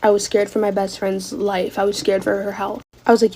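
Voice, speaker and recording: A woman's voice: medium pitch, flat delivery, brisk, dark tone, slight background noise, low-quality recording. A young woman telling a dramatic storytime while getting ready, casual and full of swearing.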